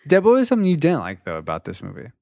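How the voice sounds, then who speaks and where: Lively, teasing man in a dry room. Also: on the high side, creaky, dry recording. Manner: animated, laughs often, teasing. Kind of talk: casual chat.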